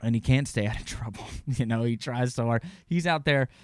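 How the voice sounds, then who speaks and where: A man in his twenties hosting a podcast, rambling casually about fights, excitable and swearing now and then. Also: mid-range voice, fairly quick, clear, resonant tone, dry recording. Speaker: podcast host. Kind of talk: casual sports chat.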